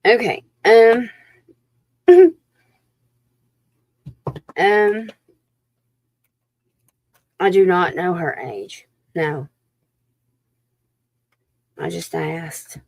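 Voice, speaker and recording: A woman's voice: lowish voice, lively intonation, very slow, long pauses, a little mellow. A woman doing a chatty live psychic reading, folksy and informal, sometimes dropping into a whisper. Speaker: psychic reader. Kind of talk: live-stream tarot reading chat.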